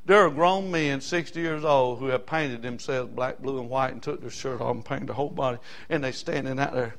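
A male pastor preaching a sermon, fervent and folksy, moving from quiet asides to loud hollering. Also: medium pitch, fairly quick, creaky, a little hiss or hum.

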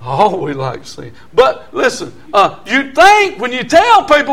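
A man in his sixties with a Southern American drawl preaches his testimony to a church congregation, and his voice sits unusually high. He tells his story in a hushed, confiding tone, then climbs to fervent near-shouts. He laughs easily between points. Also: measured pace, hardly any pauses. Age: 60s. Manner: animated, swings from quiet storytelling to near shouting, chuckles often. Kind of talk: testimony sermon.

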